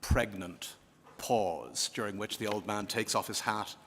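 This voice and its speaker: A man giving formal closing remarks at a conference, telling a joke in a dry, measured way with pauses. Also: lowish voice, fairly bright tone. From Ireland. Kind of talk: formal closing speech with humor. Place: conference hall. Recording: long hall reverb.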